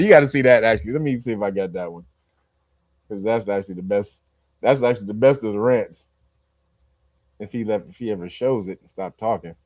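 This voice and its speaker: A man giving casual, profane reaction commentary on a video clip, incredulous and laughing often. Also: medium pitch. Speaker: reaction streamer.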